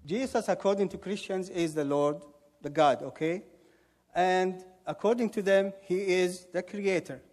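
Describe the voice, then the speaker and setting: A man's voice: sits high, measured pace, darkish tone. A man giving an emphatic debate rebuttal, firing mocking rhetorical questions. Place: debate hall. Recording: echoey hall with long reverb.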